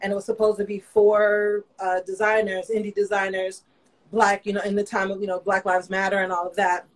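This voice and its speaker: A woman's voice: mid-range voice, flat delivery, brisk, low-quality recording. A woman fashion designer, a guest in a casual interview, telling her story candidly with lots of "you know".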